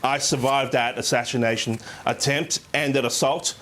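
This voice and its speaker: Man playing a deadpan, boastful dictator. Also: medium pitch, normal speed, close to an everyday voice. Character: menacing male dictator impression, deadpan brags. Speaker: impersonator.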